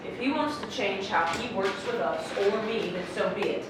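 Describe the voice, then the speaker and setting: A woman's voice: medium pitch, animated, normal speed, lightly acted. A woman playing a defiant frontier woman. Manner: firm, defiant. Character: defiant frontier woman Cecilia, sharp-tongued. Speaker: actor. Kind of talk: stage drama performance. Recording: roomy stage audio from a distant mic with noise.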